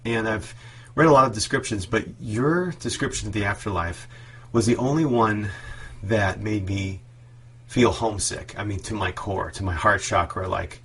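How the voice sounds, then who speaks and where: A man's voice: fairly low pitch, moderate pace, fairly bright tone, slight background noise. A man hosting an interview, asking long reflective questions about the afterlife. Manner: reflective, searching phrasing. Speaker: interview host.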